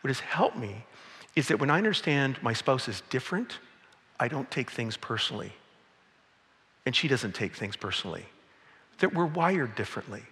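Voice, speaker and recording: Bright-voiced pastor preaching in a hall. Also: male voice, mid-range voice, sing-song, normal speed, pauses often. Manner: conversational, storytelling, with playful acted quotes. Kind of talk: sermon. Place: church sanctuary. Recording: long reverb of a large hall.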